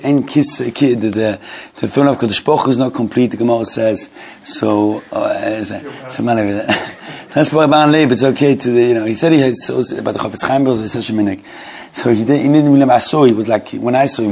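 Male teacher, husky voice, halting and repetitive delivery, informal religious lesson. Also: medium pitch, darkish tone. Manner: halting and repetitive, often restarts phrases; mixes Hebrew and Yiddish terms into English. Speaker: Torah class teacher.

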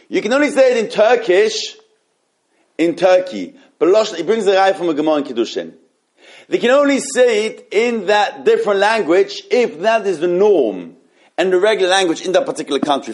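A man teaching an informal Torah class, animated and halting, often restarting his sentences. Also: high voice.

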